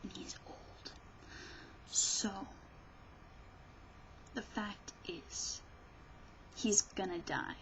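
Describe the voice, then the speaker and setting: A woman's voice: medium pitch, steady tone, drawn-out words, long pauses, fairly bright tone, a little hiss or hum, poor audio. A woman vlogger ranting about politics in a rambling, sarcastic way, often restarting her sentences. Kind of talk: casual political rant.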